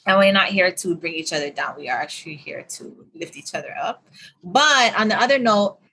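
A woman's voice: on the low side, animated, a little fast, sharp tone, slight background noise. A woman, co-hosting a podcast in easy, chatty talk and laughing readily. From Hawaii. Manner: chatty storyteller, laughs easily. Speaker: podcast co-host. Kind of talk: casual chat.

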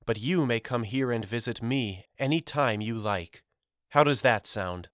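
A man voicing a gentle, loving mother who speaks tenderly and soothingly to her sons. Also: medium pitch, unhurried, dry recording, clean studio sound, natural voice.

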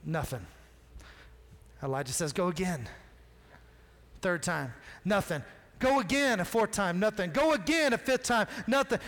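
A man preaching a sermon, telling a story with animated, casual acted-out dialogue. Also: high-pitched, measured pace. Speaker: pastor. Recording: long reverb of a large hall.

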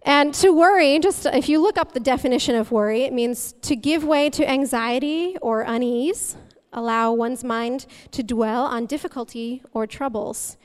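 A woman's voice: sits high, moderate pace. A young woman giving a conversational sermon as a guest speaker, chatty and humorous, often breaking into laughter.

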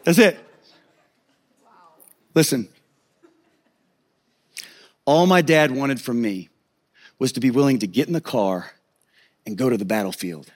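A man preaching a sermon as a pastor, telling a personal story in an animated, humorous way. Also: mid-range voice, a little slow, long pauses.

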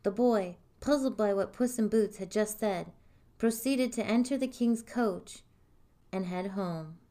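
A woman reading a fairy tale aloud in a calm, even storytelling manner. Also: medium pitch, a little slow, slight background noise.

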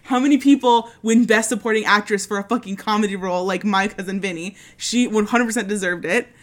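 A woman's voice: medium pitch, quick pace. A woman co-hosting a casual chat. She tells stories with lots of swearing and sudden jumps into put-on voices. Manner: animated storytelling, frequent swearing; doing voices while retelling scenes.

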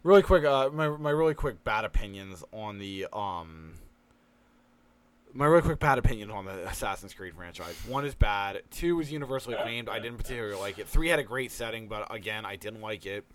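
A man's voice: lowish voice, animated, fairly quick, dry recording. A man co-hosting a casual podcast, a bit tipsy, rambling, swearing and tripping over his words. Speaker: podcast co-host. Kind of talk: casual chat.

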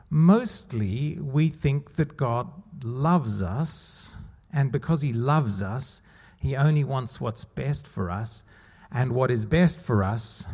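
A pastor preaching a conversational sermon with rhetorical questions and laughter, at times. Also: male voice, mid-range voice, dark tone.

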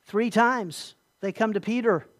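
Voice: mid-range voice, a little slow. Pastor, sermon delivery; emphatic, repetitive, asks the listeners questions.

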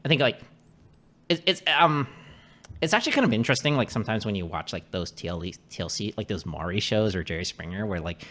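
Low-voiced rambling casual man. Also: animated, quick pace, fairly bright tone. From Canada. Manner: rambling, lots of restarts and swearing. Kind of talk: casual chat.

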